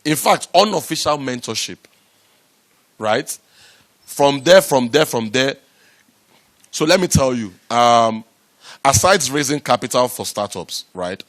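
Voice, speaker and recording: A man giving a lively motivational talk to a live audience about raising startup money, repeating himself and rising to loud, emphatic bursts. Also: medium pitch, moderate pace, pauses often. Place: event room with an audience.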